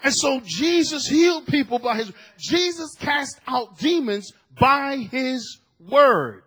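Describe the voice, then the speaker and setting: A middle-aged male pastor preaching a sermon, swinging from shouted emphasis to hushed asides. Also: very high-pitched, animated, takes it slowly, breathy edge, rough recording.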